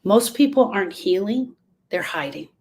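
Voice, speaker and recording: A woman stands before a live group and talks about grief, pressing each point home with earnest emphasis. Her voice sits at an ordinary mid pitch. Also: lively intonation, moderate pace, darkish tone, breathy edge. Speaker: grief speaker. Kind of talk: motivational talk to a live group. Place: room with a live audience.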